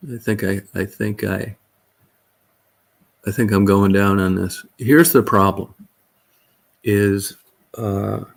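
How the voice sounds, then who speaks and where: A man's voice: on the low side, gravelly. A man from Michigan telling a story in a casual, blunt and profane way. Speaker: vlogger.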